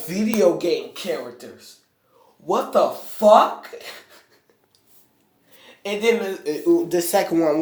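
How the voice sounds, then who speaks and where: Slow, profane ranting game reviewer. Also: medium pitch, roomy sound. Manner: profane, exasperated ranting with outbursts. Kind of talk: ranting gameplay commentary.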